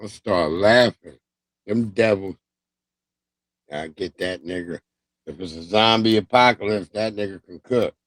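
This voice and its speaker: A man's voice: on the low side, a little slow, pauses often, fairly bright tone, dry recording. A man hosting a livestream, talking in a loose, profane, slangy way and laughing as he tells stories. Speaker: livestream host. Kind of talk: casual commentary monologue.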